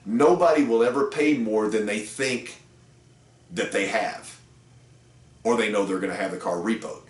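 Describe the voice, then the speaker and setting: Middle-aged guy, car sales trainer, rambling story, low voice, echoey room. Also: normal speed. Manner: casual, rambling, with fillers. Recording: roomy echo, distant mic.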